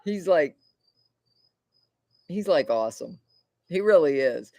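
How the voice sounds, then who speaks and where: A woman's voice: low voice, expressive, takes it slowly, dark tone, no room sound. A woman from Florida hosting a casual livestream, rambling and chatty and swearing freely. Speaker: livestream host.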